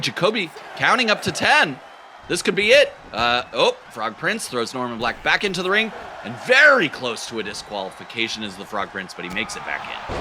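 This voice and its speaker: A man's voice: medium pitch, noisy background. A man doing goofy play-by-play wrestling commentary, cracking silly jokes between calls. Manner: goofy, silly jokes, bursts into excited shouting.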